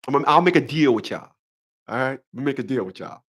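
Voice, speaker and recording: Animated mocking man ranting to viewers. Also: medium pitch, quick pace, breathy edge. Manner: mocking, laughs at his own jokes, repeats phrases. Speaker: commentary vlogger. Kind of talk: monologue rant.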